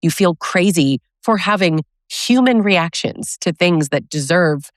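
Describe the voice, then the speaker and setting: A woman's voice: fairly low pitch, lively intonation, a little slow, no room sound, clean studio sound. A woman podcast host speaking emphatically from personal experience in a casual interview.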